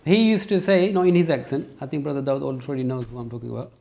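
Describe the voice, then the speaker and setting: A man's voice: medium pitch, racing, gravelly. A man teaching a religious lesson, quizzing his students and pressing emphatic points. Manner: questions students, lively, emphatic. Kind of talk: interactive classroom lesson. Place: classroom with students.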